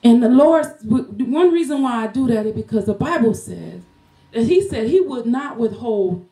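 A woman's voice: a little high, expressive, normal speed, warm tone. A woman preaching a Mother's Day sermon in a home church, fervent, sometimes singing and laughing as she talks. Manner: fervent, breaks into song, laughs while preaching. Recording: echoey room.

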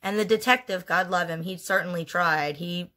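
A woman's voice: lowish voice, normal speed, sharp tone. A woman in her forties telling a painful personal story in a candid vlog, blunt and emotionally raw, with frequent swearing.

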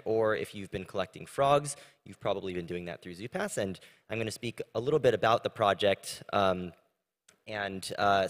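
Man giving a casual technical talk. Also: lowish voice. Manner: casual, conversational with frequent fillers. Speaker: conference presenter. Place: large conference room. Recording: long reverb of a large hall.

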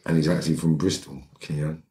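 A middle-aged London man speaks in a dark bass voice, fairly quick and level in tone. He's a podcast guest telling a story casually, blunt and streetwise, rambling along and checking in with "right?" as he goes.

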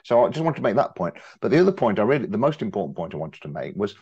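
A man's voice: lowish voice, very animated, very fast, darkish tone, slightly rough, dull audio. An older man in the audience asking a long, emphatic question during a discussion after a talk.

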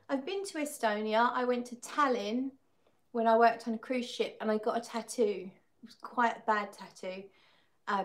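A woman's voice: medium pitch, fairly bright tone. A woman chats casually on a livestream, laughing often and reading viewers' comments aloud. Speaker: fragrance livestream host.

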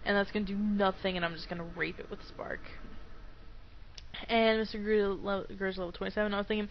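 A woman's voice: medium pitch, steady tone, fast. A young woman giving rambling, giggly let's play commentary at home on a dull, lo-fi mic. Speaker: gamer. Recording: dull lo-fi mic with faint noise.

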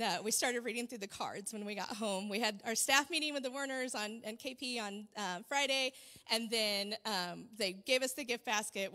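A woman on the church staff giving announcements and leading a prayer, bubbly and quick to laugh, recorded in a church sanctuary. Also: a little high. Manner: warm and bubbly, laughs often. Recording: long reverb of a church hall.

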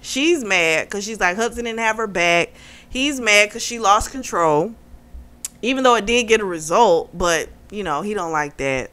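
Woman book reviewer, chatty and giggly, bright and smooth tone, retelling plots. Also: medium pitch, moderate pace. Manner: chatty plot retelling, laughing often. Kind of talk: casual chat.

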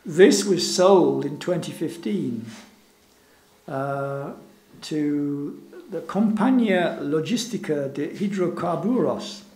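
Guy giving a talk at a gallery, kinda high voice, lots of ums, chuckles a lot, roomy echo. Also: takes it slowly, darkish tone. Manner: hesitant, many fillers, wry and chuckling. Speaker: invited speaker. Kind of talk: informal public talk over slides. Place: gallery event room. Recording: echoey room with faint background hum.

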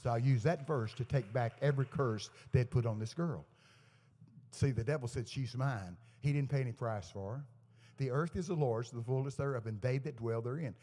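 Man, guest preacher, storytelling sermon, lively quoted dialogue, echoey church hall. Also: medium pitch, normal speed. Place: church service to a live congregation.

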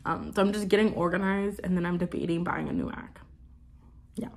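A woman's voice: on the low side, huge pitch swings, a little fast, vocal fry, a little hiss or hum. A woman in her twenties chatting casually in a vlog, rambling with many fillers and cooing to her pet. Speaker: vlogger.

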